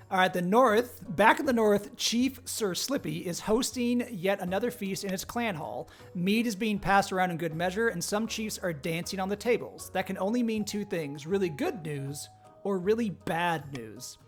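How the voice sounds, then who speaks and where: A man's voice: high voice, moderate pace, faint music behind. A man hosting a live-streamed role-play game, reading out the story and joking with the players. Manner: upbeat, jokey, laughs often. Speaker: game host and narrator.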